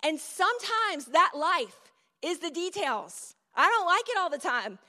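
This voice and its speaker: A woman's voice: very high-pitched, very animated, measured pace, pushed and bright. A middle-aged woman preaching a sermon in a conversational storytelling way, with asides to the audience. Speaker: speaker at a church event. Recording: long hall reverb.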